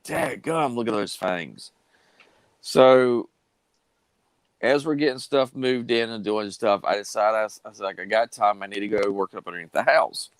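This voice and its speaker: A man's voice: on the low side, no room sound, rough recording. A man, telling a long story casually on a live stream with plenty of fillers and restarts. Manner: drawling, rambling with many fillers and restarts.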